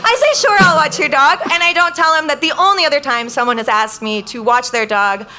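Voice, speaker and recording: A young woman telling a comic story on stage to a live crowd, chatty and full of "like", quoting people in lively bursts. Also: sits high, brisk, a little hiss or hum. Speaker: guest storyteller.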